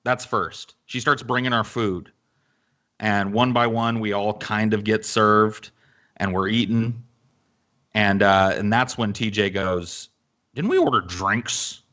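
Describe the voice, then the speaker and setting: Profane, animated man telling a story. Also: fairly low pitch, takes it slowly, dull audio. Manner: animated, profane, lots of fillers. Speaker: podcast host. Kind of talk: casual storytelling.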